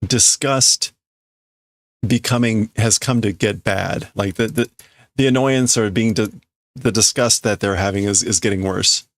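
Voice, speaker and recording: A man's voice: on the low side, a little slow, dry recording. A man casually translating manga on a live stream, thinking aloud, correcting himself and chuckling as he works out meanings. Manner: musing, self-correcting, chuckling.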